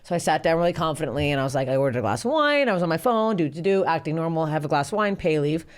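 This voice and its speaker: A woman's voice: low-pitched, very animated. A woman in her thirties hosting a comedy podcast, telling rambling stories between bursts of laughter. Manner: fast, rambling, laughing storyteller. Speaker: podcast host. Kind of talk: casual comedy podcast chat.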